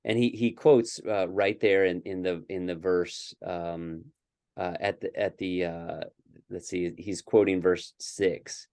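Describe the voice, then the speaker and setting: A man's voice: deep voice, steady tone, slow, darkish tone, no echo, studio quality. A man co-hosting a casual scripture discussion, earnest and thinking aloud with many fillers and restarts. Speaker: podcast co-host.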